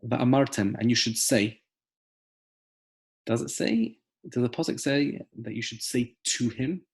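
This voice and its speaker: A man's voice: medium pitch, steady tone, unhurried, creaky, husky. A man teaching a close reading of a scriptural text, emphatic and explaining step by step with rhetorical questions. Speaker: Torah teacher. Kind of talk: text study lesson.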